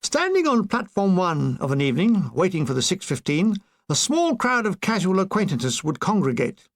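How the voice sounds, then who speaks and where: A man's voice: sits high, sing-song, moderate pace. An older man reading his own war memoir aloud, with dry comic timing. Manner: dry comic delivery with brief put-on voices. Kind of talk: audiobook narration.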